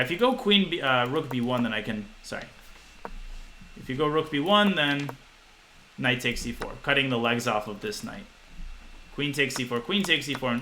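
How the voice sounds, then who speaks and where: Bright-voiced man teaching chess to chat. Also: medium pitch, slight background noise, poor audio. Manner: quick, talks to chat, thinks aloud with restarts. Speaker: chess coach streamer. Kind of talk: live-streamed chess lesson.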